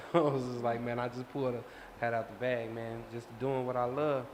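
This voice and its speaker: A man who is a singer talking about his music in a relaxed, casual interview. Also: medium pitch, moderate pace, slight background noise. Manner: laid-back, flat, frequent you know what I'm saying. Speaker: singer, guest. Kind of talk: casual chat.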